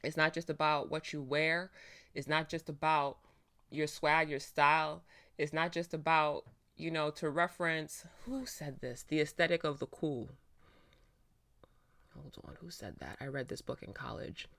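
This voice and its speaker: A woman hosting a reaction video, talking in a casual, animated way with lots of fillers, frequent laughs and some swearing, into her own microphone. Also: low-pitched, unhurried. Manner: laughs often while talking.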